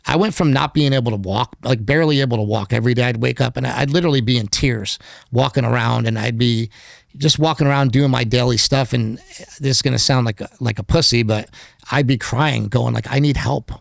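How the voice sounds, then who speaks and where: Gravelly-voiced man rambling candidly. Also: mid-range voice, brisk, no echo, clean studio sound. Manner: candid, rambling, heavy use of filler words. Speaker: podcast guest, documentary filmmaker. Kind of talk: casual interview conversation.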